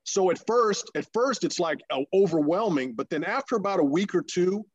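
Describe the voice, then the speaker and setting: A man in his fifties tells a long story in an interview, stopping and restarting often. He breaks into bright, excited quoted voices. The recording is dry and a little dull. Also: high-pitched, moderate pace, slightly rough, no room sound. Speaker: interview guest, former pro pitcher.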